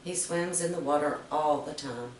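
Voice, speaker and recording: A woman's voice: low voice, moderate pace, a little hiss or hum, natural voice. A woman voicing a vain male raven in a storybook reading, speaking boastfully in her own everyday voice. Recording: roomy, distant mic.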